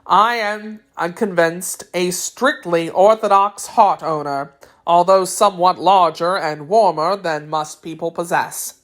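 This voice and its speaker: A woman voicing a kindly, dignified tin man emperor in a storybook reading, with warm, courtly speech. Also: fairly low pitch, measured pace, lightly acted.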